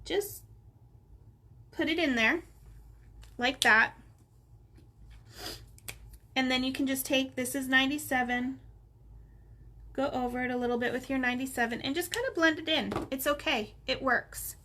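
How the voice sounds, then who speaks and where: A woman's voice: high voice, steady tone, brisk, bright, forceful tone, slight background noise. A middle-aged woman in her home office, chatting unhurriedly as she gives step-by-step coloring instructions. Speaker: art instructor. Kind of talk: relaxed coloring tutorial.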